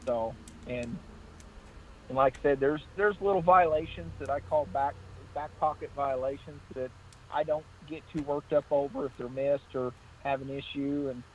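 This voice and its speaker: A man's voice: mid-range voice, highs cut off, a little hiss or hum. A male state trooper as a guest, chatting casually and telling anecdotes in which he acts out the exchanges. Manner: anecdotal, repeats "I said" in acted-out exchanges. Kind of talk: casual call-in storytelling.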